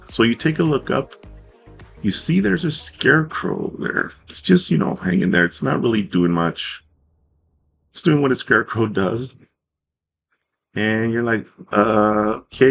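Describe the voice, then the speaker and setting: Husky guy game mastering, kinda rambly and laid back, soft music playing under. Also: medium pitch. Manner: relaxed, rambling, with fillers and self-corrections. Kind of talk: narrating a tabletop game.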